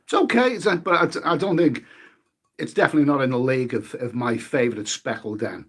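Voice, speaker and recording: With a mid-range voice that has a breathy edge, this man talks fairly quickly on a casual live stream. He eats between words, reads viewers' comments and names aloud, and swears mildly.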